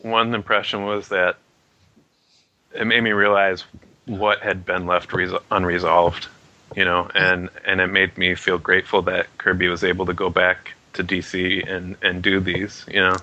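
A man casually discussing a comic book issue, rambling and halting with many fillers. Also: low-pitched, little pitch movement, bright, forceful tone, lo-fi sound. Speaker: comic book podcast co-host.

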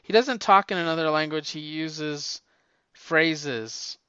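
A man's voice: a little high, takes it slowly, pushed and bright, clear, resonant tone, highs cut off. A man co-hosting a podcast, chatting casually about comics, rambling with restarts and laughs. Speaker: podcast co-host.

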